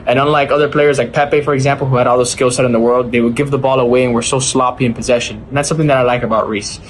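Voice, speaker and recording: A man with an American accent, giving his opinions in a measured, even-handed way in a recorded fan message. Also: medium pitch, slight background noise. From United States. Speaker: fan sending a video message.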